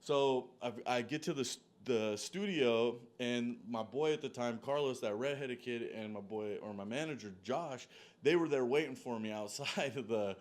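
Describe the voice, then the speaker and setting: A man's voice: mid-range voice, normal speed. A man telling a long story in a loose, profane, rambling way, full of "like" and "dude". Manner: animated, jumps between tangents. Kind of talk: casual storytelling monologue.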